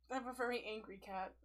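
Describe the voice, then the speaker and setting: A woman hosting a casual livestream, chatting and giggling often and cooing at her pets. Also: slight background noise. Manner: giggly, coos at her pets in a high baby voice. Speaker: livestream host.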